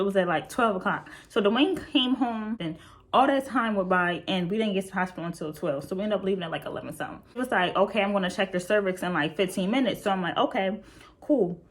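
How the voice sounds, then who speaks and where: A woman's voice: medium pitch, a bit bright, slight background noise. A young woman telling a casual storytime, chatty and full of fillers, talking straight to her viewers. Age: young adult. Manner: chatty, frequent fillers, addresses viewers directly. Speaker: vlogger.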